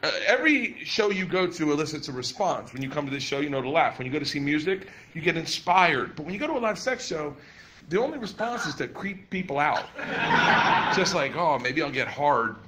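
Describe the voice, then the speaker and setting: A man's voice: on the high side, expressive, a little fast, pushed and bright, slight background noise, rough recording. A man in his thirties doing a stand-up routine before a live audience, telling a profane story with laughing asides. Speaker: stand-up comedian.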